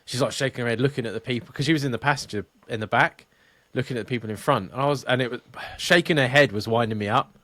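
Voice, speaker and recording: A man, a podcast co-host telling stories in sweary, animated casual chat. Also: medium pitch, fast, few pauses, dry recording.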